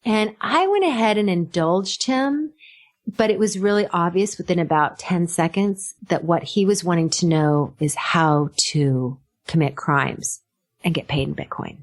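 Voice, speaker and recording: A woman's voice: on the low side, a little slow. A middle-aged woman, a podcast guest, telling stories in casual chat, laughing and acting out what people said. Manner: animated, laughing, acts out quotes.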